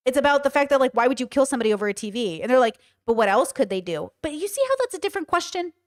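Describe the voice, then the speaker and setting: A woman streaming casual commentary, blunt and animated, swearing freely and laughing often. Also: sits high, very fast. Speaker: streamer reacting to a clip.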